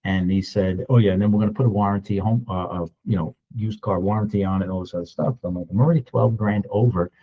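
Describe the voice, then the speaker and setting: Deep-voiced man in his sixties telling a story. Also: quick pace, few pauses, breathy edge, narrow, tinny audio. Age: 60s. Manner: animated storytelling, acting out other people's voices. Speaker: real estate agent. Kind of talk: storytelling vlog.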